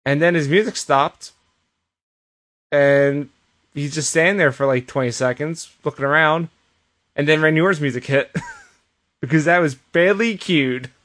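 A man's voice: fairly high pitch, measured pace, long pauses, a bit bright. A man co-hosting a podcast, recapping wrestling shows in casual chat and storytelling with quoted asides and frequent restarts. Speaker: podcast co-host.

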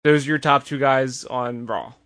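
A man's voice: mid-range voice, fairly even intonation, moderate pace, a bit bright, no echo. A man co-hosting a podcast in casual chat, explaining at length and laughing easily. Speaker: podcast co-host.

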